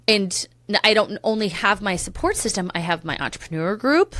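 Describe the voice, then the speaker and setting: A woman's voice: mid-range voice, animated, normal speed, fairly bright tone, no room sound. A woman in her thirties hosting a solo podcast, talking candidly and emotionally, swearing casually and drifting into tangents. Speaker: podcast host.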